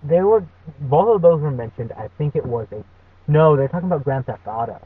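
Dry, hesitant male podcast co-host; husky voice, distant tinny audio. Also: on the high side, animated, fairly quick. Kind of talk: casual podcast chat.

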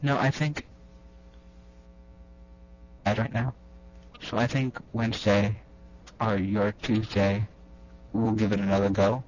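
A young man co-hosting a podcast from a small house in the early morning, talking quietly and hesitantly. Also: lowish voice, fairly even intonation, takes it slowly, long pauses. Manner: hesitant, soft-spoken. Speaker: podcast co-host. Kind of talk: casual chat. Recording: muffled, overseas call.

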